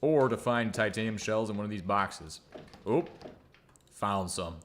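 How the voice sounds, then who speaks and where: Low-voiced and measured, this man narrates his building in a gaming video with casual, self-mocking humor. Now and then he hums or mutters something to himself.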